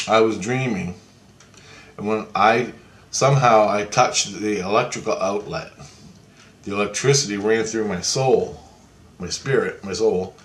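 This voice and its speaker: A man casually telling a long story in a rambling, repetitive way, swearing freely. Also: fairly low pitch. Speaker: vlogger. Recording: echoey room.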